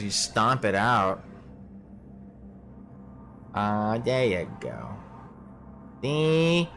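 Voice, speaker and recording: A man narrating a tabletop game as game master, relaxed and rambling, with plenty of filler words. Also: mid-range voice.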